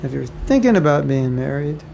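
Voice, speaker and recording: A man's voice: fairly high pitch, sing-song, brisk, creaky, background noise. A man from the United States giving an informal spiritual class, conversational with joking asides and frequent repetition. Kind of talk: informal lecture to devotees. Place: home or temple room, faint ambience behind.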